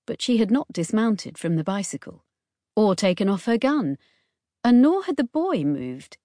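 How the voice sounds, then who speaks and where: A woman narrates an audiobook from a script, measured and even in a medium-pitched voice. The studio sound is clean, without echo.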